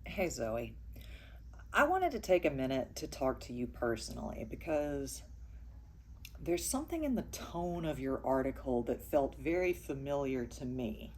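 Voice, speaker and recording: A woman co-host speaking earnestly and directly to one person, in a measured way. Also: rumbling low, sing-song, a little mellow, slight background noise. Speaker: podcast co-host. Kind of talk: direct address to camera.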